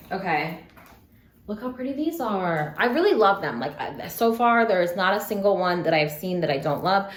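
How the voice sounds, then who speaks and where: At home, a young woman with a mid-range voice unboxes beads for a casual vlog, upset yet working to sound upbeat as she swings between sadness and excitement. She's chatty, saying "like" constantly and cursing now and then. The room echoes, with faint noise behind her.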